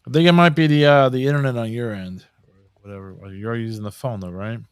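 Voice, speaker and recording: A man's voice: mid-range voice, fairly even intonation, quick pace, smooth, no echo. A man co-hosting a podcast over a video call, talking loosely and joking with plenty of swearing. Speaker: podcast co-host. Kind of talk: casual chat.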